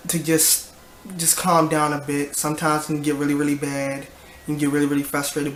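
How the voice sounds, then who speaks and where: A man's voice: a little high, fairly bright tone, echoey room, a little hiss or hum. A tired young man, rambling and sighing as he tells a vlog story about his work day. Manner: tired, rambling, frequent restarts and sighs. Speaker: vlogger.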